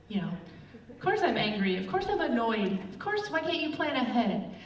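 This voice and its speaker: A woman's voice: fairly high pitch, moderate pace, hardly any pauses. A middle-aged woman giving a casual sermon, telling chatty personal stories with lots of fillers. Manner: chatty, animated storytelling with many fillers. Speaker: church speaker. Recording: roomy, distant, dull with faint room noise.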